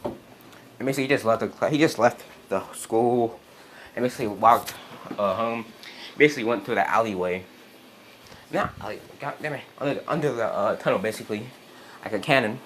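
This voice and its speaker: A man's voice: medium pitch, a little fast, fairly bright tone, a little hiss or hum. A man casually retelling a fan story, rambling and swearing as he goes. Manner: rambling, leans on "basically" and swearing. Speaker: channel host. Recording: roomy echo.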